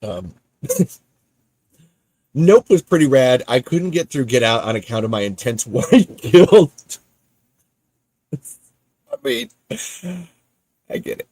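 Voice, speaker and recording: Rambling, lively male podcast host. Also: medium pitch, unhurried, long pauses, no room sound. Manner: rambling, self-interrupting, laughs often. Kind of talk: casual livestream chat.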